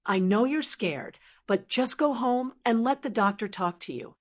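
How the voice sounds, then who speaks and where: Woman reading as a sneaky son sweet-talking his dad, fake calm coo. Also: fairly high pitch, measured pace. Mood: condescending. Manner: cooing, condescending. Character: manipulative adult son, falsely soothing.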